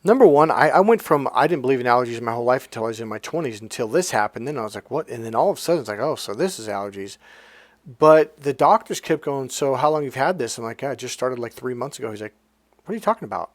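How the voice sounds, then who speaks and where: A man's voice: medium pitch, animated, fast talker, few pauses, dry recording. A man, a life coach, telling a personal story in a rambling, blunt, casual way, swearing now and then.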